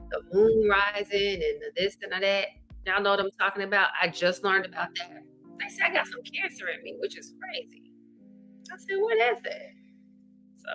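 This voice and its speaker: Woman host from Arkansas, folksy and animated, bright tone; live chat with viewers. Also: mid-range voice. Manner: chatty, reads viewer comments aloud; animated, folksy, says y'all. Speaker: livestream host. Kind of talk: casual livestream chat.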